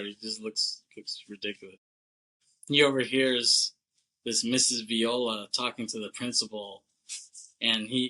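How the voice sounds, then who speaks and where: Man, podcast co-host, bright sharp timbre, casual movie recap, chatty, laughs, swears. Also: mid-range voice, rough recording. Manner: loose and chatty, heavy on "like", laughs often, swears.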